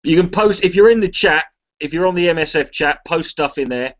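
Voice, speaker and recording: An English man with a fairly high voice rambles to his viewers, cursing often and tripping over his own sentences. The audio is a bit dull and muffled, like a lo-fi stream recording. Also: brisk. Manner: rambling, swears freely, restarts sentences. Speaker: charity livestream contributor. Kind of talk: casual rambling chat to a live stream.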